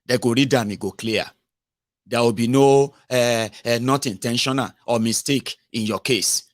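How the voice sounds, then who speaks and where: A man's voice: medium pitch, fairly even intonation, moderate pace. A Nigerian man with a Pidgin English accent, giving sarcastic, exasperated political commentary. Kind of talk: ranting video commentary.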